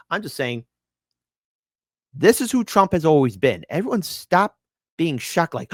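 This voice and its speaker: A man's voice: on the high side, big pitch swings, moderate pace, a bit bright, dry recording. Brief: a male podcast host riffing on politics, sarcastic, heard dry and close on the mic. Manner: sarcastic, repeats phrases for emphasis. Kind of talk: casual opinion commentary.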